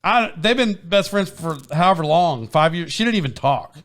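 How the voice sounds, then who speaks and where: A man with a somewhat high voice tells a story on his podcast in loose, casual chat. He rambles, restarts his sentences and laughs as he goes, speaking into a microphone with a foam windscreen. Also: lively intonation, normal speed, a bit bright. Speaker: podcast host.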